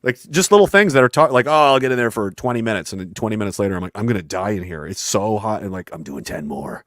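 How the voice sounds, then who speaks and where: A fast, driven man in a casual talk, his voice sitting a little low. He rambles with intensity and slips into quoted voices as he tells stories. The sound is dry and close to the mic. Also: animated, no echo. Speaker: podcast guest. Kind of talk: casual conversation.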